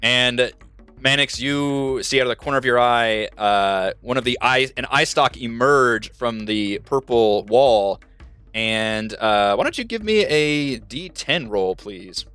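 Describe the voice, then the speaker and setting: Male game master, bright, playful, self-correcting, dry recording. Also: medium pitch, animated, measured pace, clear, resonant tone, dry recording. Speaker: dungeon master. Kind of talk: narrating a tabletop game. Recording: dry mic with faint music.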